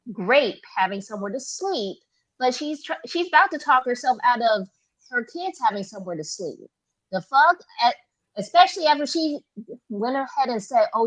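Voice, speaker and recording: A woman's voice: a little high, fairly bright tone, poor audio. A woman guest on a livestream, talking in a chatty, indignant way. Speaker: stream guest. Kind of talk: casual commentary.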